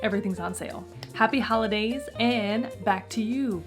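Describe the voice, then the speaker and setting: A woman's voice: on the high side, moderate pace, few pauses, soft background music. Woman true crime host, casual storyteller, playful and jokey. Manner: playful, chatty, jokey asides.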